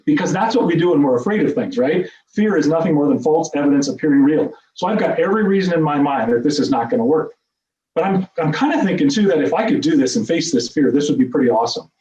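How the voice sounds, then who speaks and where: A middle-aged man tells a story from a stage at a rapid clip, his voice warm and mellow. He talks with animated, self-deprecating humor. The sound is echoey, distant and a bit dull, as if picked up by a room mic. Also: a little high. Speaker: speaker at a meeting. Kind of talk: personal storytelling speech. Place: meeting room.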